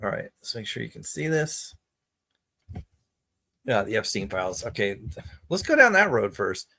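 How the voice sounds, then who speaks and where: A man's voice: on the low side, big pitch swings, moderate pace, gravelly, bright, forceful tone. A man talking to his audience in a rambling, exasperated way, restarting his sentences as he goes. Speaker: vlogger. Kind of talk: casual monologue to camera.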